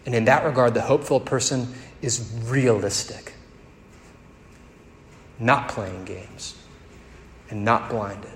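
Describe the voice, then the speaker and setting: A male pastor preaching a sermon, moving between soft tender passages and emphatic rising peaks. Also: mid-range voice, fairly even intonation, slow, pauses often, a little hiss or hum. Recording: echoey hall with faint ambience.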